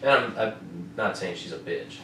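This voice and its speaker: A man's voice: on the low side, normal speed, a bit bright. A man hosting a casual fight-recap podcast, swearing often and asking "you know what I mean?" over and over. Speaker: podcast host. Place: home room with air conditioner. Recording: roomy, distant mic, faint noise.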